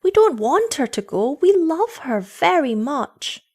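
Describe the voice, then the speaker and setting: A woman voicing a pair of eager young children, pleading in breathless, high-pitched tones. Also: very animated, unhurried, dark tone, heavily acted. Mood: desperate.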